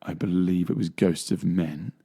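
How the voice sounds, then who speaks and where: A young Englishman co-hosting a casual chat, telling stories in a rambling way with plenty of fillers and laughter. His low voice is gravelly and husky, with a dark, mellow tone. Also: steady tone, moderate pace. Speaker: co-host.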